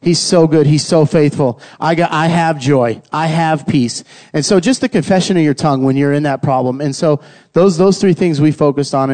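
A man tells his family's faith story in a relaxed, conversational way. His voice is mellow and warm, and he often slips into short quoted asides. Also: mid-range voice. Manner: casual, earnest, uses quoted asides. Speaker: husband sharing testimony.

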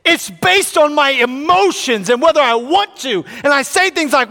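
A man preaching a sermon as pastor, acting out quotes with animation and building to shouts. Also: very high-pitched, expressive, moderate pace, creaky, big-room sound.

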